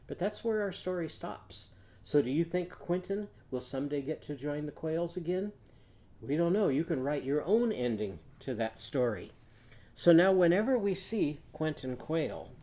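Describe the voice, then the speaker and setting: A male teacher leads a children's phonics lesson, gentle and patient as he tells a story and leads slow songs for the class to repeat. His voice sits a little high and sounds soft and mellow.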